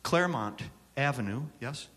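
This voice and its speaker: Joking with a live audience in a reverberant conference hall, a Syracuse, New York man runs a songwriting workshop and banters throughout. His medium-pitched voice is expressive and a bit bright, at a moderate pace.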